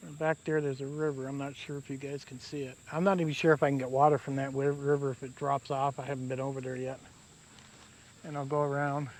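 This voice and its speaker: Speaking fast in a level, medium-pitched voice, a man vlogs casually to camera from a riverside camp in damp woods. His talk is easygoing and rambling, and the recording carries faint outdoor noise from crickets and insects.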